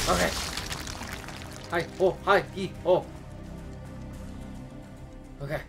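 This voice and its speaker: A young man giving casual, excitable gameplay commentary, talking to himself and yelping and shouting at enemies. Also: fairly high pitch, a little slow, pauses often, music in the background. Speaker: gaming YouTuber.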